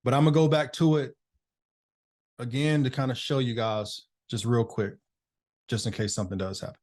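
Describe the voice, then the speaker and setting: A man's voice: mid-range voice, steady tone, normal speed, darkish tone. A man hosting a casual live online business masterclass, chatting loosely with participants by name over a video call.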